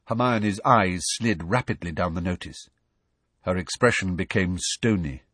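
A man narrating an audiobook in an expressive storybook reading style. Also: low-pitched, a little slow, dry recording. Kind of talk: scripted narration.

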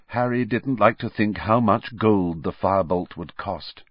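A man reading a storybook aloud as narrator, measured and expressive. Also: fairly low pitch, no room sound, muffled recording. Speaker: audiobook narrator.

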